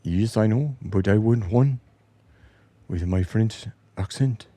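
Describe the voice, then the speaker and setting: A man's voice: fairly low pitch, slow, warm tone, dry recording. A man voicing a boastful young male basketball star with a mock French accent, whining that he wants an award. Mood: pleading.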